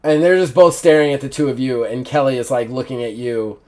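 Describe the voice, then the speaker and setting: A man narrating as game master, animated and quick to laugh. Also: medium pitch.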